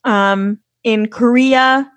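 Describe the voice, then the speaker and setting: A woman's voice: fairly high pitch, steady tone, very slow, no echo. A woman talking as a podcast guest in a loose, chatty way, full of fillers. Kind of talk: casual interview chat.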